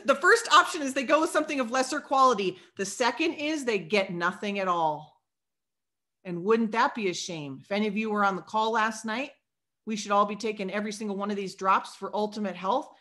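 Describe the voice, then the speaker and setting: Her team gets a lively sales pep talk from a woman with a medium-pitched voice, who sounds rather preachy and role-plays sales conversations as she speaks.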